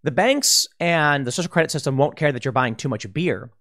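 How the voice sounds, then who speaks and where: Emphatic male commentator, slightly high voice. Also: lively intonation, fairly quick, a bit bright. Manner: emphatic, warning, speculative, with restarts. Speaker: political commentator. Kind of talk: opinion commentary monologue.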